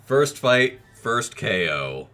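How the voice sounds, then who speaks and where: A man's voice: mid-range voice, big pitch swings, bright, forceful tone. A man giving casual let's play commentary on a monster-raising game, reacting with short quips and dry asides. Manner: casual, self-deprecating, reacts with quick quips. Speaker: gaming video creator.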